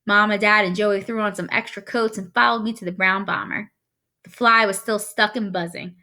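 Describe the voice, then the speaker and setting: A woman reading a novel aloud, telling it in a wry first-person voice. Her tone is bright and forward, at a middle pitch. She moves quickly through the lines of the story. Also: steady tone. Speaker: reader.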